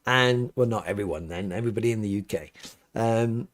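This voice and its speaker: A man's voice: lowish voice, fairly quick. A middle-aged man, a priest hosting a live question-and-answer stream from his home studio, talks casually and rambles with many restarts and fillers.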